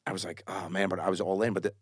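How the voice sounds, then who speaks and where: A man's voice: deep voice, racing, breathy edge, no echo, studio quality. A man, a comedian guest on a podcast, telling stories in casual chat and acting out the voices of people in them. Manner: animated storyteller acting out quoted dialogue. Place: podcast studio. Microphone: studio mic.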